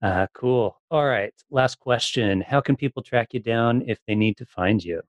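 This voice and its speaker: A man hosting a casual interview, asking relaxed questions and giving short agreeing replies. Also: mid-range voice, moderate pace, no echo, muffled recording. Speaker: host.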